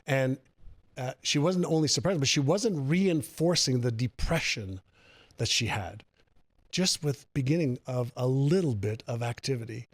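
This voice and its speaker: A man speaks as a guest in an interview, telling a personal story with animated energy and repeating phrases to drive his points home. His voice is recorded close and dry, with no room sound around it. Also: mid-range voice, moderate pace, no echo. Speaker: guest author on personal growth.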